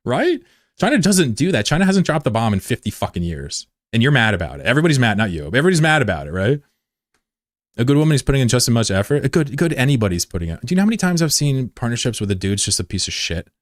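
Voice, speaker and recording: A man streaming live, chatting bluntly and profanely with viewers, swinging between loud outbursts and low mutters. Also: very animated, fast talker, dry recording, studio quality. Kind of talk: casual live-stream chat.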